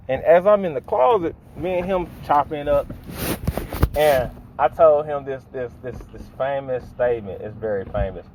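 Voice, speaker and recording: Animated young man telling a comic story. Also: on the high side, a little fast, slight background noise, rough recording. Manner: animated, acts out voices, slangy. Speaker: stand-up storyteller.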